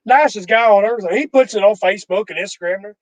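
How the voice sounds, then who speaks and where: A man's voice: sits high, brisk, dry recording, rough recording. A man hosting a podcast in casual chat, telling a self-deprecating story with small chuckles. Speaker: podcast host.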